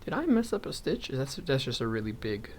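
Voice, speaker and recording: A man's voice: medium pitch, very animated, a little fast, a little hiss or hum. A young man in casual chat, thinking aloud and going off on tangents as he crochets, with frequent chuckles. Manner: rambling, goes off on tangents; chuckles often, thinks aloud while counting stitches. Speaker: vlogger.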